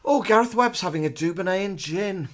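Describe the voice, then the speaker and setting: A man's voice: sits high, expressive, brisk. A man co-hosting a live show in casual chat, dropping dry, wry asides.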